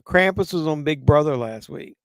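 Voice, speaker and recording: A man's voice: fairly high pitch, expressive, normal speed, vocal fry, a bit bright, no room sound, studio quality. Tipsy man rambling on a live stream. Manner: rambling, profane, answers chat messages. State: tipsy from drinking. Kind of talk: casual live-stream chat during a movie watch-along.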